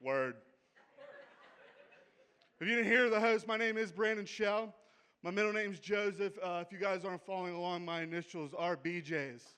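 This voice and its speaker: A brash, foul-mouthed stand-up comedian with a thick Pittsburgh accent, working a comedy club crowd. His voice sits high and bright. He talks to the audience like he is chatting with friends. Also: moderate pace, long pauses, clear, resonant tone. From Pittsburgh, USA. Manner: brash, profane, conversational. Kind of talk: stand-up set.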